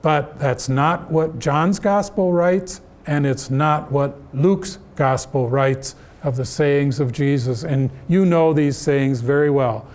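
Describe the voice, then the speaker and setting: A middle-aged man teaching an adult Bible class, speaking deliberately and asking the class questions. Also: a little high, darkish tone.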